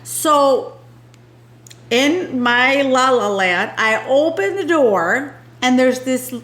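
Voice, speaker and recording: A woman's voice: sits high, fairly bright tone. A middle-aged woman telling a rambling story in a chatty vlog, with many restarts. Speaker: fashion vlogger. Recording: roomy echo.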